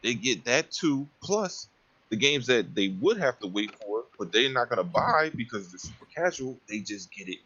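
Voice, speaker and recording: A man's voice: medium pitch, animated, normal speed, pushed and bright, husky, dull audio. A man making his point on a casual gaming podcast, blunt, emphatic and profane.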